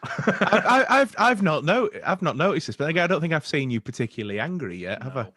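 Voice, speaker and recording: Husky man, dry close sound, teasing podcast chat. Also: fairly high pitch, sing-song, quick pace, bright, forceful tone, no room sound. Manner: wry, teasing, stumbles on words. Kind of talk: casual chat.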